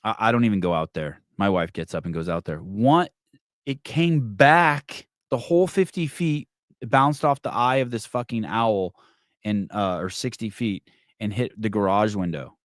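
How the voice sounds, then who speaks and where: A middle-aged man hosting a podcast, telling a story in casual, profane, animated talk. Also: lowish voice, normal speed, no echo, clean studio sound. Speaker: podcast host. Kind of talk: casual storytelling and reading comments.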